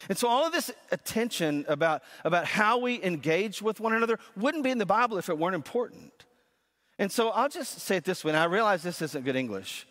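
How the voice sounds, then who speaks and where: Brief: a conversational male pastor with a fairly high voice, preaching in a church sanctuary with a long echo. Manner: conversational, often repeats words as he starts phrases. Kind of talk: sermon. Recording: long reverb of a church hall.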